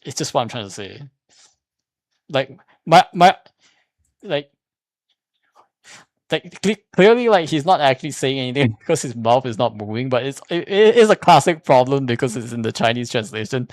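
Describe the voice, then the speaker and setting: A man's voice: medium pitch, lively intonation, moderate pace, long pauses, no room sound, studio quality. A man streaming casual commentary, arguing a point in a rambling way with many restarts and fillers. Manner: repeats "here's the thing" when making a point.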